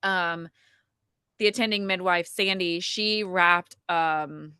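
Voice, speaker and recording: A woman telling a personal story in a casual podcast conversation, chatty and animated, with plenty of "like" and "um". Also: lowish voice, takes it slowly, clean tone, dry recording, studio quality. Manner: chatty, frequent "like" and "um" fillers, animated retelling. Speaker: podcast guest telling her birth story.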